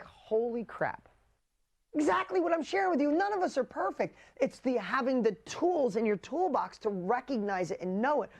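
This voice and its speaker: A man coaching a live online group in an emphatic, punchy way, swearing casually and swinging between loud urging and quiet intensity. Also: high-pitched. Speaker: business coach. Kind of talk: motivational coaching livestream.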